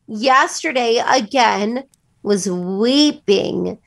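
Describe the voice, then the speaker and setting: A woman's voice: fairly high pitch, fairly bright tone. A woman co-hosting a morning show, chatting in a gushing way, laughing often, and reading the news. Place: broadcast studio.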